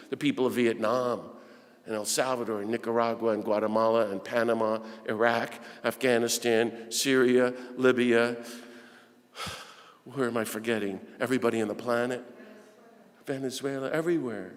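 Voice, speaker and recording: Fervent priest in a reverberant hall. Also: male voice, medium pitch, normal speed. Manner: animated preaching that swings from fervent urging to hushed storytelling. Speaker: priest and guest speaker. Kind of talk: impassioned talk to a parish audience. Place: large church hall. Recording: long reverb of a large hall.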